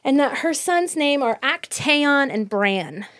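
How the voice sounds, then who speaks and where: A woman talks through a book with friends on a podcast, her voice sitting fairly high and full of animated chatter. The recording is dry and close, with no room around her. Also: slow, no room sound. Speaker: podcast co-host. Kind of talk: casual book discussion.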